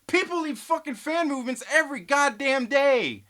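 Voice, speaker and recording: Bright-voiced man in a profane rant. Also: expressive, normal speed. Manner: swearing, ranting, heated; swings between loud outbursts and low muttering. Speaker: live stream host. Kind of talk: profane live stream rant, reading chat.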